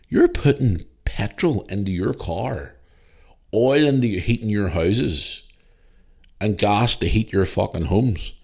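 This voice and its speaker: A man with a Northern Irish accent tells a story on his podcast, blunt and full of swearing. His voice is very deep and low. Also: huge pitch swings, a little slow, gravelly, husky. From Northern Ireland. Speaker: podcast host. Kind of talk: casual storytelling.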